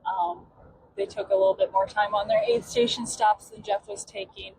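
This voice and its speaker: A woman's voice: mid-range voice, animated, normal speed. Chatty woman recounting, noisy background. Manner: chatty, loose recounting with many "um" fillers. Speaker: podcast host. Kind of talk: casual podcast storytelling. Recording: clear background noise.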